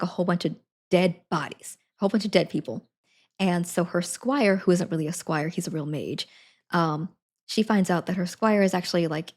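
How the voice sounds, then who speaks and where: A woman's voice: fairly low pitch, a little mellow. A young woman streaming a casual book review, rambling and self-correcting with frequent giggles.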